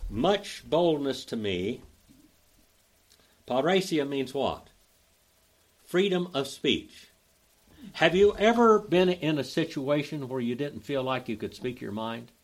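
A man's voice: mid-range voice, animated. Folksy older Oklahoma man teaching. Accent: Oklahoma Southern. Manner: folksy, drawling, spells out grammar slowly. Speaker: Bible teacher. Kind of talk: teaching a Greek Bible study.

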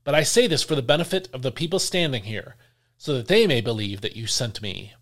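A calm, solemn grown man speaks with steady weight, read aloud by a man in a scripture passage. The voice keeps a middle pitch for a man. It moves through a lively range. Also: brisk, lightly acted.

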